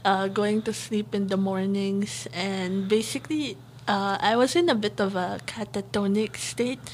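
A woman's voice: medium pitch, fairly even intonation, slight background noise, poor audio. Reflective woman entrepreneur from the Philippines. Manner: measured, reflective, with many fillers. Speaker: entrepreneur guest. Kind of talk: candid interview conversation.

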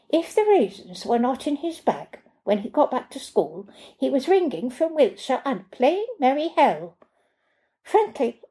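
A woman reading as a starved young cleaner, calm and formal. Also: sits high, voice pushed up, rough recording. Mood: indignant. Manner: measured, formal, unyielding.

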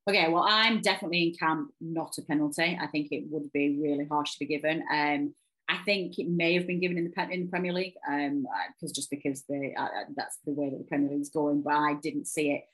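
A woman's voice: deep voice, steady tone, quick pace, a bit bright, low-quality recording. A woman hosting a casual football podcast, chatting with hesitant ums and restarts. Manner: hesitant, lots of ums, laughs easily. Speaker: podcast host.

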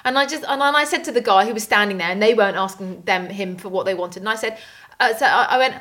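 A woman's voice: mid-range voice, quick pace, fairly bright tone. A woman co-hosting a podcast, chatting casually and telling rambling anecdotes. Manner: chatty storyteller, rambling restarts. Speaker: podcast co-host. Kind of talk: casual chat.

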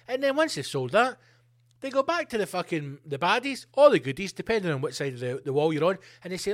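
A man hosting a podcast, ranting comedically with plenty of swearing and animated asides. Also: sits high, brisk. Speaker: podcast host. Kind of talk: comedic rant.

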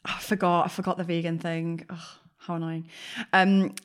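A woman's voice: fairly low pitch, flat delivery, normal speed. A young woman chats on her podcast in a loose, rambling way. She laughs easily and pokes fun at herself as she tells stories. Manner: chatty, self-mocking, laughs often. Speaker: podcast co-host. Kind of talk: casual chat.

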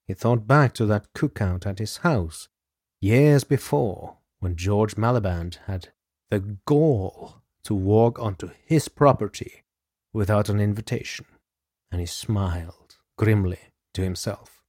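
A man's voice: lowish voice, a little slow, a little mellow, no echo, clean studio sound. A man narrating a scripted true-crime story in a dramatic manner, speaking straight to the listener. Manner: addresses the listener directly, dramatic. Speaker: podcast narrator.

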